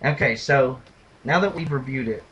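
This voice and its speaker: A man co-hosting a casual podcast, retelling and mocking movie scenes with animated delivery and loud impressions. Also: mid-range voice, normal speed, muffled recording, slight background noise. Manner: animated storyteller, mimics lines in a loud gravelly shout. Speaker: podcast co-host. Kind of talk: casual movie review chat.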